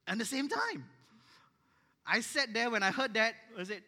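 A man pastor telling a story in a sermon, acting out the dialogue with lively energy. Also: very high-pitched, normal speed. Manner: animated, acts out dialogue in his stories. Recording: echoey hall reverb.

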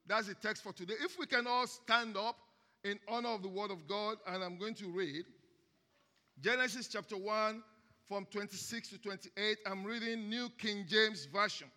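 A man with a Nigerian accent preaches to a church congregation, his voice high-pitched and strikingly bright. He leads call-and-response and reads scripture with fervor. The sound rings with the long reverb of a large hall. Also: moderate pace. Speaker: guest preacher. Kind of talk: sermon.

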